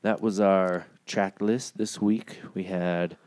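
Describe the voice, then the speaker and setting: A man's voice: sits low, fairly even intonation, takes it slowly, a little mellow. A man co-hosting a music podcast, chatting casually and joking around. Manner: laid-back, jokey. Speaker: podcast host. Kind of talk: casual chat.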